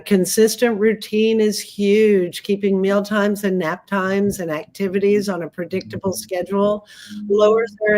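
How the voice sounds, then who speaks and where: A woman speaking as a guest expert on a livestream, giving calm, practical advice on dementia care with frequent ums. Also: mid-range voice. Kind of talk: livestream panel talk.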